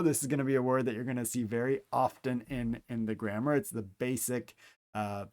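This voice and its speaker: Man, Greek teacher, calm step-by-step handwriting lesson, playful asides, mid-range voice. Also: mid-range voice. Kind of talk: handwriting tutorial instruction.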